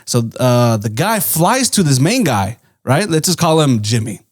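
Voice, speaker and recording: A man at middle pitch tells a story across a podcast table in loose, rambling chat. He swears freely and keeps checking in with his listeners as he goes. The sound is close and dry, with no room around it. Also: sing-song, measured pace, no echo. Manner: rambling, swears often, tags lines with "right?". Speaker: podcast co-host. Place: indoor podcast studio.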